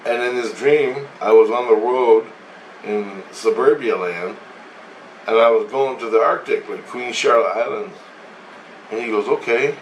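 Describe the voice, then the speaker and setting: In a mid-range voice at a measured pace, a man rambles through a dream he had, laughing frequently and leaning on "he goes" to replay a conversation. The sound is roomy with the mic at a distance, plus faint ambience and slight background noise.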